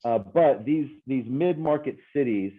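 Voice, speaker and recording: A man's voice: mid-range voice, lively intonation, a little slow. Upbeat man over a tinny line. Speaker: coworking space co-owner. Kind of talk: casual interview answers.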